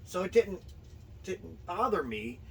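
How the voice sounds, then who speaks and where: Middle-aged male wrestler guest, lively storyteller, slightly high voice, off-mic with faint hiss. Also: slow pace, gravelly. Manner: animated storyteller acting out dialogue. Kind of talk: storytelling interview. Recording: distant mic with faint noise.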